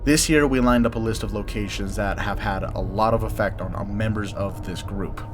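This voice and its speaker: A man, the lead investigator, narrating a ghost hunt in an earnest, measured voice-over. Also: on the low side. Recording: voice-over with loud guitar music behind. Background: loud plucked guitar music.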